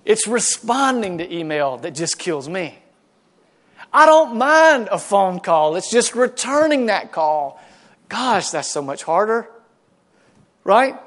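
Pastor, male, high-ish voice, lively folksy sermon delivery. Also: slow pace. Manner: animated preaching, folksy asides, acts out quoted voices.

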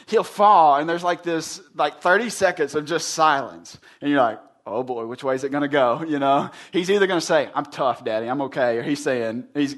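A man in his thirties preaching a sermon, telling a personal story in an earnest, casual way, dropping low and soft when he quotes words of comfort. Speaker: pastor.

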